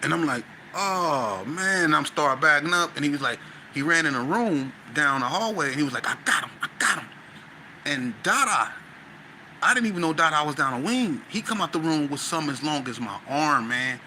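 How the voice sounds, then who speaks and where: A man with a very bright, sharp-edged voice tells a story as a podcast guest. He talks in lively, slangy bursts and acts out scenes with sound effects. There is a faint hiss of noise behind him. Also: a little high, a little fast. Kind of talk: animated storytelling.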